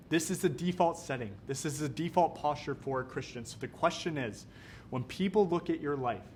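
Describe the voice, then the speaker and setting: Young male youth pastor from Canada, casual energetic sermon delivery, mid-high voice, light background rumble. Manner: energetic, casual, conversational preaching.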